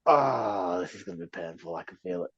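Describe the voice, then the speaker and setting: A man's voice: lowish voice, sing-song, a little fast, gravelly, fairly bright tone, husky, muffled recording. A man co-hosting a podcast, bantering with swearing and laughter. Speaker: podcast co-host. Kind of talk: casual banter.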